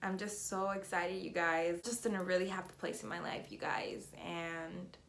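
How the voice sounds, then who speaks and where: A woman's voice: on the low side, moderate pace, vocal fry, reverberant, a little hiss or hum. A young woman telling viewers emotional personal news in a chatty vlog, slightly out of breath and full of fillers. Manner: chatty, tearful and excited, many fillers. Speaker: vlogger.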